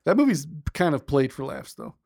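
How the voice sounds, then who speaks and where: A man in a casual chat among friends, his voice sitting a little high. He tells stories with animated energy and laughs along the way. The sound is dry and close. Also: brisk, creaky, no echo.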